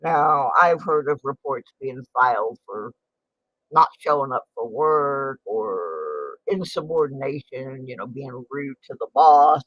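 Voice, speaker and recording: A woman's voice: a bass voice, slow pace, fairly bright tone, dry recording. A woman in her late sixties chatting on a casual livestream, telling a story in an indignant, exclaiming way. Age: 60s. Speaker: livestream host. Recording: dull lo-fi stream audio.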